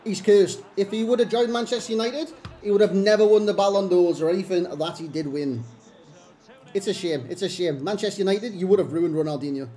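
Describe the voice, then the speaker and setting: A man's voice: high voice, brisk, warm tone. A man, commentating his own video game match in exasperated, self-mocking rants. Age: 30s. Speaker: gaming YouTuber. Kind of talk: live gameplay commentary.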